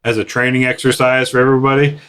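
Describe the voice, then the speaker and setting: A man's voice: flat delivery, quick pace, fairly bright tone, clear, resonant tone. A man co-hosting a casual podcast, joking along, acting out funny bits and laughing a lot. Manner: playful, jumps into high-pitched mock quotes, laughs a lot. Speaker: podcast co-host. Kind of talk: casual banter.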